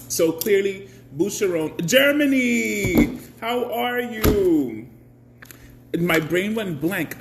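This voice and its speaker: A man hosting a casual live stream in an easy, unhurried way, with a slightly higher than usual voice. He chats along, greets viewers one by one and laughs often. A faint noise sits under his voice. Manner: chatty, greets viewers by name.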